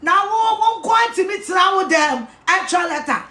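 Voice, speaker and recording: A Ghanaian woman with a Twi-speaking accent, ranting angrily at a political figure, shouting insults and repeating herself. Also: extremely high pitch, lively intonation, normal speed, echoey room, faint music behind. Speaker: political commentator. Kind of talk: angry rant.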